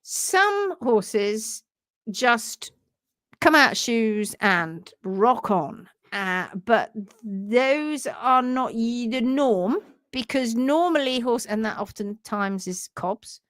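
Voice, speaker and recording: A woman's voice: on the high side, animated, slow pace, fairly bright tone, no room sound, studio quality. A middle-aged woman hosting a casual livestream on hoof care, chatting and greeting viewers.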